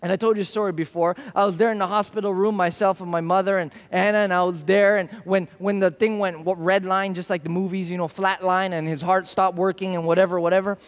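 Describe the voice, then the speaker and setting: High-voiced preacher in a hall. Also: male voice, little pitch movement, fast talker, hardly any pauses. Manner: storytelling, acts out quoted voices. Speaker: pastor. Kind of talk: sermon. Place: church service hall. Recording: church hall reverb.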